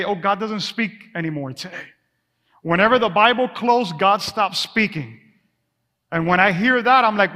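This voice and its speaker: A man's voice: high-pitched, sharp tone. A man preaching a sermon as pastor of his church, passionate and conversational, sometimes dropping his voice to a whisper. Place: church sanctuary. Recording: long reverb of a church hall.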